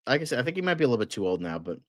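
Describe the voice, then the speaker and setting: A man hosting a casual fan news livestream, excitable and rambling, with lots of fillers and frequent swearing. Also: mid-range voice, very fast, no echo, studio quality.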